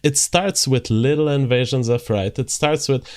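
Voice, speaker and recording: A man hosting a livestream, reading viewer messages aloud and explaining at length in a measured way. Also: mid-range voice. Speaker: host.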